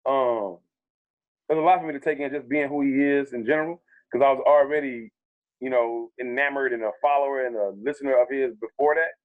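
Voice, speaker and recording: A man who is a comedian guest, telling stories in a casual interview, animated and profane, acting out what people said to him. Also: mid-range voice, fairly quick. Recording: tinny phone-like sound.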